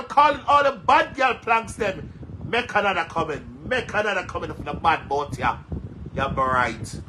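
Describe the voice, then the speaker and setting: On a rough recording with slight background noise, a man rants angrily to his followers in a Jamaican accent. His voice is on the high side, pushed and bright, animated at normal speed, and he's a social media commentator who keeps cursing and repeating himself.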